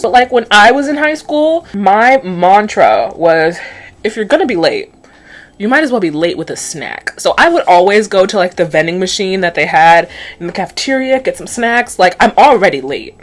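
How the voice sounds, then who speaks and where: A woman's voice: mid-range voice, very animated, normal speed. A woman in her twenties, a beauty vlogger, chatting casually and sarcastically through a cartoon episode recap while doing her makeup, with plenty of "like" fillers.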